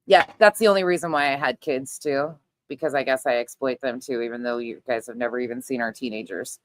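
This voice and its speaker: A woman's voice: very deep voice, a little fast, dry recording. A middle-aged woman hosting a casual livestream chat, talking loosely, laughing often and swearing freely. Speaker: livestream host.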